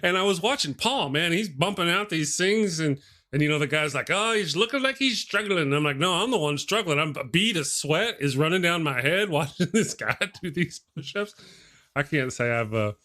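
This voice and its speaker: A man's voice: on the high side, animated, moderate pace, pushed and bright. A man in his forties hosting a casual livestream talk show, jokey and rambling, laughing often between his remarks. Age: 40s. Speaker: host. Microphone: webcam set above.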